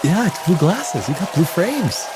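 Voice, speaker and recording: A man's voice: high voice, very animated, measured pace, loud music behind the voice, a loud crowd. A man hosting a live stream in casual chat, rambling and profane, with many restarts. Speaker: live show host.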